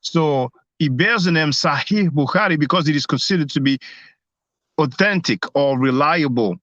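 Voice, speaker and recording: A man hosts a live stream from his phone and speaks in a fairly high voice. He hesitates often and restarts his sentences. The sound is muffled and dry, with no room echo. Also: animated, moderate pace, a bit bright. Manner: hesitant, many restarts and fillers. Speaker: host.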